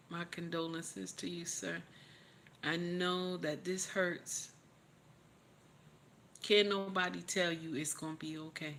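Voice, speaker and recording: A tearful woman on a livestream delivers emotional, preachy motivation, saying her encouragements over and over. Her voice is lowish and a bit bright, with a slight hiss or hum in the recording.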